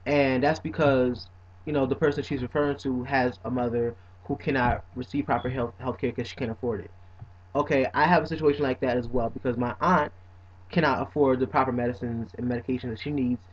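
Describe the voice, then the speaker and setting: A man's voice: mid-range voice, steady tone, fairly quick. A young man talking casually to camera as a vlogger, playful at times and earnest at others, often saying "you know what I'm saying". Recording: dull lo-fi recording.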